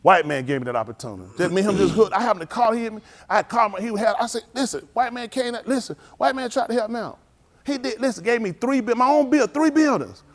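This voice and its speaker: Middle-aged male preacher, high lively voice, street storyteller who scolds his flock. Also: fast. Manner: animated storytelling, acts out dialogue, scolding the audience. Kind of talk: livestreamed sermon with street stories.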